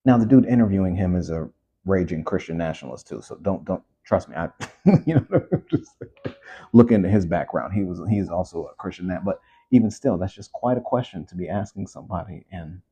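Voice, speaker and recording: A low-voiced man with a husky, mellow tone rants to his audience in a loose, animated way. He circles back on his points, repeating phrases and leaning on conversational fillers. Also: fairly quick, lo-fi sound. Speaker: commentary host. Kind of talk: casual opinion rant.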